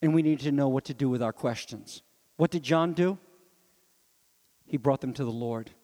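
A pastor delivers a sermon at a moderate pace, animated and full of rhetorical questions, now and then dropping into soft, low asides. His voice carries the long reverb of a large hall.

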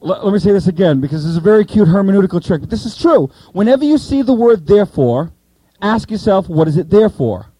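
A man teaching a Bible study to a group, asking the listeners questions and repeating key points slowly. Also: high voice, expressive, dark tone, husky, no room sound, low-quality recording.

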